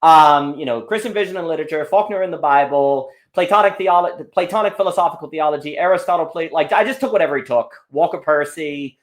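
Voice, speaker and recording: A man's voice: fairly high pitch, fast talker, few pauses. A man talking as a guest in a casual conversation, telling rambling stories full of restarts and asides. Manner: animated, rambling storytelling with frequent restarts. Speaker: podcast guest.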